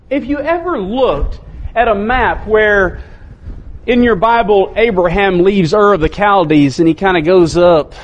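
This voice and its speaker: A man preaching a sermon as pastor, speaking emphatically, repeating key phrases and slowing down to stress them. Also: high voice. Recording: muffled with faint background hiss.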